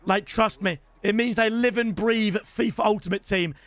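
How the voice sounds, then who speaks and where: High-pitched British streamer shouting at his game. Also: moderate pace. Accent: British English. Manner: excitable, swears, shouts at the game, addresses viewers as lads. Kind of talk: live gaming commentary.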